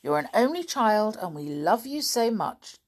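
A woman voicing a loving but stern mother, speaking firmly and in a measured way for a storybook reading. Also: mid-range voice, big pitch swings, voice pushed up. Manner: firm and measured. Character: stern loving mother scolding her daughter.

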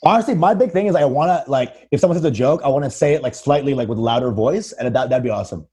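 A man's voice: mid-range voice, fast, warm tone, breathy edge. A young man in a casual comedy podcast chat, crude and riffing, saying dude a lot. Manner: crude, riffs with put-on voices, says dude a lot.

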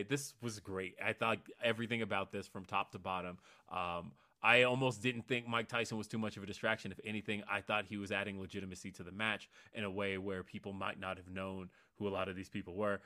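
A young man with a lowish voice and a bright, forceful edge. He rambles enthusiastically in casual podcast chat and fills his sentences with ums and uhs. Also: fast, few pauses. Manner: rambling, enthusiastic, frequent fillers. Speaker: co-host.

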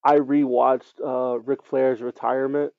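Relaxed man on a slightly dull mic. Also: mid-range voice, a little slow, creaky, dry recording. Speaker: podcast co-host. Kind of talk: casual chat.

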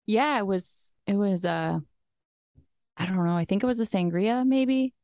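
A woman's voice: medium pitch, a little slow, a little mellow, no room sound, studio quality. A woman in her thirties, casual chatty co-host of a podcast, laughing at her own asides. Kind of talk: casual chat.

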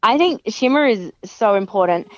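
A woman's voice: medium pitch, expressive, moderate pace, dull audio. A woman, a professional wrestler, chatting in an interview, laughing often and acting out what others say. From Australia. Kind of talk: casual interview chat.

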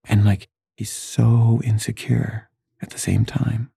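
A man's voice: mid-range voice, flat delivery, measured pace, creaky, dark tone, husky, no echo, clean studio sound. A man casually telling a personal story, full of "like" and "you know" fillers. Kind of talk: casual anecdote. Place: San Francisco resident in the past, not now.

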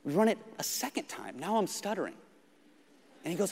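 A man doing stand-up, telling a self-mocking story in an animated way with acted-out quotes. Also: high voice, a little fast, vocal fry. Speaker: stand-up comedian. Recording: live stage mic with audience noise. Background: audience crowd noise.

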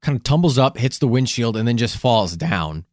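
A man's voice: mid-range voice, very animated, moderate pace, darkish tone, no room sound, studio quality. A man from the United States co-hosting a podcast in casual chat, swearing often and laughing. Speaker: podcast co-host.

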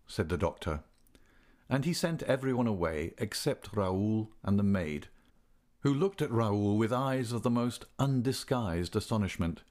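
Lower-voiced man narrating a classic novel. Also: animated, unhurried, a little mellow. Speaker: audiobook narrator. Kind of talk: reading a classic novel aloud.

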